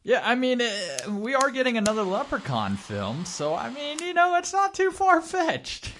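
A man with a fairly high voice drops short, wry quips into a casual conversation. His pitch swings widely even in a few words, but his delivery stays low-key. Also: normal speed, a little hiss or hum. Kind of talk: casual chat.

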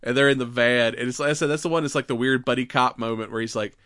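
Bright-voiced man recapping a movie. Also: medium pitch, fast talker, smooth, dry recording, clean studio sound. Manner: animated retelling, acts out character lines, laughs often. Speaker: podcast co-host. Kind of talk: casual movie recap chat.

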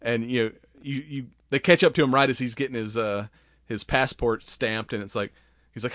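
Man, casual podcast chatter, rambling and laugh-prone, mid-pitched, dry close sound. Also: brisk, fairly bright tone, no echo. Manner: rambling, laughs often, swears freely. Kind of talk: casual movie recap chat.

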